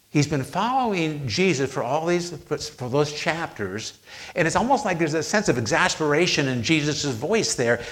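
A man preaching a sermon, retelling scripture with slow, emphatic pauses on quoted lines. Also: on the high side, expressive, fairly bright tone.

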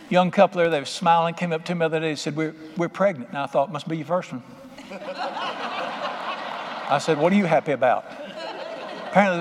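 A man preaches in a folksy, animated way, slipping in punchy asides between scripture lines. His voice sits a little high for a man. It rings out with the long echo of a large church sanctuary. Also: background noise. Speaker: pastor. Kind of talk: sermon.

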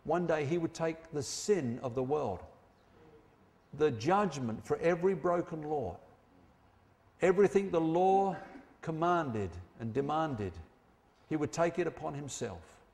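A man preaching a sermon, emphatic, slowing down and dropping low on key phrases. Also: lively intonation, gravelly, a little mellow, big-room sound.

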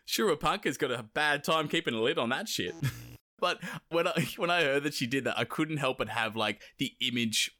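A man's voice: on the high side, very animated, moderate pace, pushed and bright, dry recording, studio quality. A man co-hosting a podcast, casually retelling a myth with jokes, laughter and crude asides. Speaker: podcast co-host.

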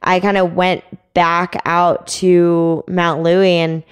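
A woman's voice: lowish voice, level tone, slow pace, clean tone. A young woman telling a climbing story in a casual interview, chatty with many fillers. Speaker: climbing guest.

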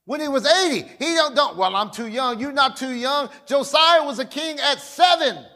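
A male pastor preaching a fiery sermon, often shouting and calling on the congregation to respond. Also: very high voice, normal speed.

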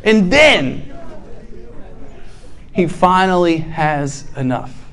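A young man preaching to college students, telling a parable with lively acted-out voices and lots of "right?" and "like". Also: high-pitched, very slow, clean tone. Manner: animated storytelling, acts out characters, frequent "right?" and "like". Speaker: campus ministry preacher.

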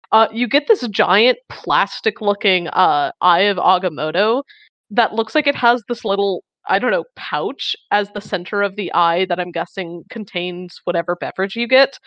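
A woman co-hosting a chatty podcast, wandering through her thoughts with plenty of fillers and wry grumbling. Her voice sits at an ordinary middle pitch. The sound is dry and a little dull, like a lo-fi recording. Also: expressive, normal speed, a bit bright, dry recording. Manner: rambling, many "like" fillers, wry complaints. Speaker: podcast co-host. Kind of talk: casual chat.

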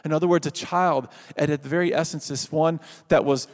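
A man preaching a sermon, earnest and building to loud calls, then leading a prayer. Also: fairly high pitch, fairly even intonation, brisk. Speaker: pastor. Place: church sanctuary. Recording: reverberant hall.

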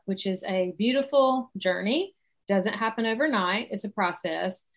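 Middle-aged Southern woman, life coach, warm casual delivery full of "like" and "y'all". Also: medium pitch. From South Carolina, US. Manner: casual, chatty, faith-centered, uses "like" and "y'all". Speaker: alcohol-free coach. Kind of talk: online coaching session.

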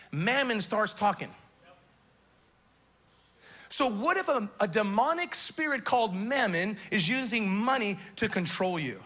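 A man's voice: high-pitched, pushed and bright. A male pastor preaching a sermon with emphatic repetition and rhetorical questions.

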